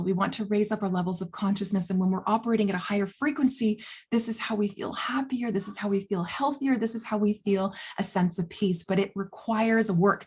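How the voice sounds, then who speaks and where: A woman speaking as a holistic health coach in a casual, earnest vlog monologue, animated and blunt, often laughing between phrases. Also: mid-range voice, husky. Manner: blunt, self-described swearer.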